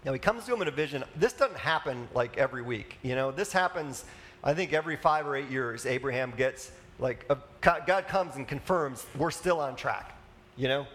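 A man's voice: medium pitch, expressive, normal speed, fairly bright tone. A man preaching a conversational sermon as a pastor, casual and chatty, with asides and fillers.

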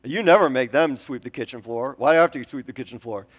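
A man's voice: mid-range voice, fast talker, natural voice. Male pastor mimicking a whiny child complaining about chores, indignant and petulant, live sermon aside. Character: whiny young kid griping about chores.

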